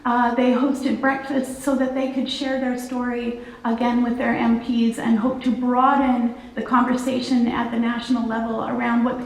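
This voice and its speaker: A woman's voice: a little high, darkish tone. A woman giving a church talk as guest speaker, hesitant, with many fillers. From Canada. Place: church hall. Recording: echoey church hall.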